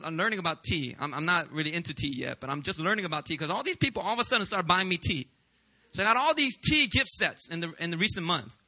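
A man in his thirties preaching a sermon as a pastor, telling lively, joking stories. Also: sits high. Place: church service.

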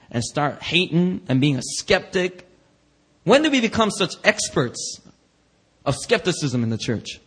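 Husky, animated preacher man, high and bright. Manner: animated, acts out quoted voices, slangy asides. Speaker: pastor. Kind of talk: lively sermon. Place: church.

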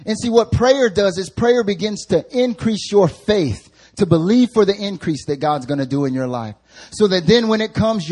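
A young male preacher delivers a sermon, swinging from loose, slang-heavy storytelling into rising, emphatic bursts. His voice sits a little high and carries a husky grain. He speaks to a church congregation. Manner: animated casual storytelling with slang. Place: church service.

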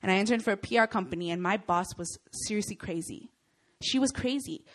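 A young woman giving a sermon to students, telling stories with lots of energy and often checking in with her listeners. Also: medium pitch. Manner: animated storytelling, often checks in with "Okay?" and "Right?". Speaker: speaker at a Christian student gathering.

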